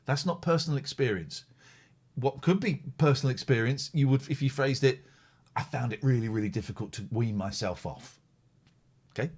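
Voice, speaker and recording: Chatty man with a lively voice. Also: mid-range voice. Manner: rambling, chatty, reads viewer comments aloud. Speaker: host of a live call-in stream. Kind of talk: casual live-stream chat.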